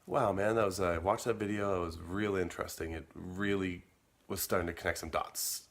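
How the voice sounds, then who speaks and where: Low-voiced man telling a rambling story. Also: fairly even intonation, fairly quick. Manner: rambling, repeats words, quotes his own messages. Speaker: vlogger. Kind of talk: casual storytelling monologue.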